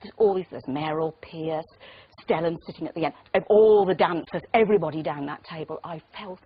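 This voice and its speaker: An actress guesting on a chat show, telling stories in an animated, self-deprecating way. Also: female voice, low-pitched, a little fast, husky. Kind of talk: casual chat show interview. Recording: muffled TV broadcast audio.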